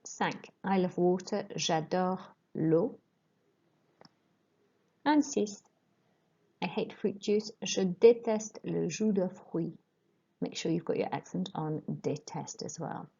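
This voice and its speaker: A woman French teacher giving a recorded lesson, dictating sentences slowly and clearly and repeating each prompt. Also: on the low side, dark tone, highs cut off.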